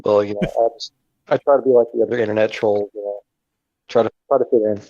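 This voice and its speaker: A man's voice: fairly low pitch, steady tone, fast talker, dark tone, dull audio. A man co-hosting a casual video game chat, earnest and friendly. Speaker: co-host.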